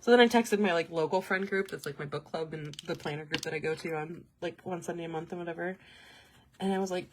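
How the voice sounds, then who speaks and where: A young woman hosting a livestream, chatting casually and telling an animated story, laughing often along the way. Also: lowish voice, fast. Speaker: host.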